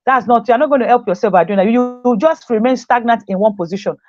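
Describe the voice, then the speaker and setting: Female teacher, motivational group talk, repeats for emphasis, fairly high voice, dull dry lo-fi audio. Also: fast, a little mellow, soft background music. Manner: repeats key phrases for emphasis, acts out quoted voices.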